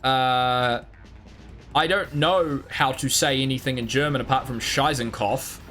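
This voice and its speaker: Faint music sits behind this man's medium-pitched, unhurried voice, which sounds pushed and bright. Streaming a game live, he swears freely, hums and mutters while playing, and rambles self-mockingly as he responds to chat.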